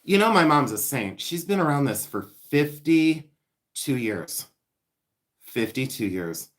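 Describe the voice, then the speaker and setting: A man hosting a casual live stream, chatty, excitable and self-mocking as he shows vintage finds indoors. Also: on the high side. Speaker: livestream host selling vintage finds. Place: indoors at home, seated with items.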